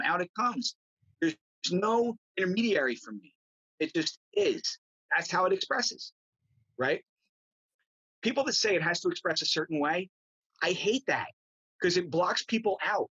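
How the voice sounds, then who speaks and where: A man, a guest tarot reader, telling stories in a casual chat, animated and often adding "right?". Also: on the high side, breathy edge, no room sound, muffled recording. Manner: animated, acts out quotes, says "right?" often.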